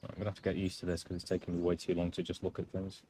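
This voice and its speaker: A man's voice: low-pitched, completely flat delivery, racing, dark tone, a little hiss or hum. A man, not American, chatting casually while playing through a game live. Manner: chatty, offhand, rambling. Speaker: gamer streamer. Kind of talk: casual gameplay commentary.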